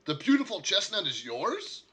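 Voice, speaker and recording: A burly orc guildsman with a voice far too high for his body, put on by a man running a tabletop game. He stammers and sputters loudly. The tone is bright and sharp. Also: big pitch swings, normal speed, slight background noise, full character voice. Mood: incredulous. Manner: incredulous, stammering.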